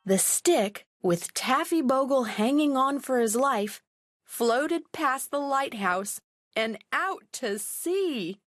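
Woman storyteller for a picture book: high, animated, unhurried read-aloud. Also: no room sound, studio quality. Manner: slow, expressive, clearly paced.

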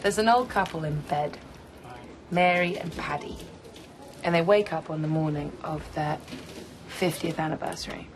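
An actress playing a playful young woman student who tells a bawdy joke in a lively way, in a film scene. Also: low voice, moderate pace, long pauses, noisy background, close to an everyday voice. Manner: teasing, lively storyteller. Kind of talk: film dialogue. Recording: film scene with music behind.

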